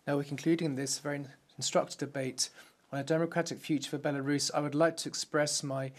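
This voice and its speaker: A man interprets a parliamentary speech as it is delivered, and his voice sits a little high for a man. His delivery stays formal and measured throughout. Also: flat delivery.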